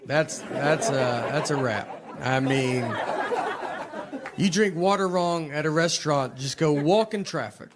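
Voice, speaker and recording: A man from Tennessee with a Southern accent, doing stand-up with a low-key, deadpan, rambling delivery. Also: unhurried, a loud crowd. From Nashville, Tennessee. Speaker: stand-up comedian. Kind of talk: stand-up storytelling. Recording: noisy live stand-up recording.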